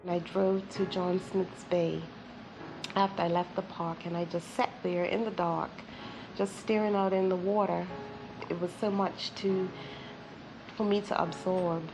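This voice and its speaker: A woman recalls past events in a quiet, reflective, halting way for a documentary. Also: on the low side, flat delivery, music in the background, poor audio.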